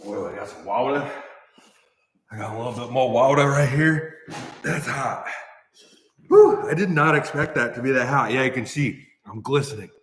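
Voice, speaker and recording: A man's voice: medium pitch, normal speed. Midwestern male streamer, easygoing chat, recorded in a roomy echoing shop. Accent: Midwestern American. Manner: coughing and sighing from spicy food, thanking viewers. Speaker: livestream host. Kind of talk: casual livestream chat. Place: large new shop building. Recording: echoey reverberant shop room.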